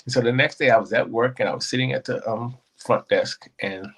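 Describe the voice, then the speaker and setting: A man telling a personal story as a guest, in an animated way that acts out the voices of the people in it. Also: mid-range voice, brisk, slightly rough, poor audio.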